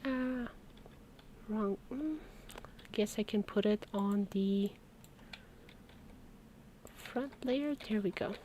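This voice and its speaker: A woman's voice: medium pitch, very slow, long pauses, mellow, slight background noise. A woman from Romania, chatting casually on a live stream and telling stories with little laughs. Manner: chatty storytelling, laughs between words. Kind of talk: casual chat while working.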